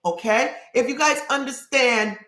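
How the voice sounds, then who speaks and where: Fast-talking woman coach, roomy echo. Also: fairly high pitch, a bit bright. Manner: earnest, talks fast, repeats phrases. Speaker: spiritual coach. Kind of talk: live stream teaching.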